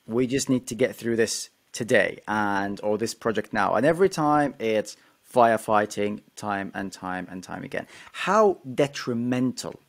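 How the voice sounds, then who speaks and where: A man's voice: lowish voice, vocal fry. A man hosting a tech podcast, asking probing questions in a conversational way. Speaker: podcast host, interviewer. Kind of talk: interview questions.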